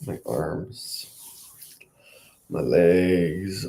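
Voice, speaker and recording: Gravelly low-voiced man rambling to camera. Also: lively intonation, measured pace, darkish tone, a little hiss or hum. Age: late 30s. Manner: chatty, self-encouraging, wandering. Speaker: vlogger. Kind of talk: casual rambling self-talk.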